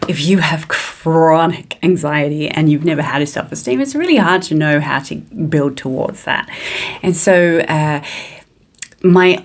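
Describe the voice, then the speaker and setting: Low, gravelly woman telling her story. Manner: chatty, many fillers, self-deprecating. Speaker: vlogger. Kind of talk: casual personal storytelling.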